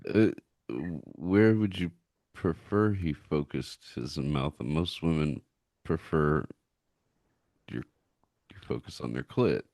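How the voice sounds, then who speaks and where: A man's voice: a bass voice, slow, creaky, long pauses, darkish tone, dry recording. A man hosting a podcast in casual chat, who asks short, probing follow-up questions. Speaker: podcast host.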